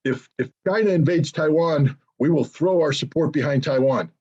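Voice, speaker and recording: A man's voice: a little high, normal speed, warm tone, husky, highs cut off. An older man giving blunt, sarcastic political commentary as an interview guest over a video call, with many ums and restarts.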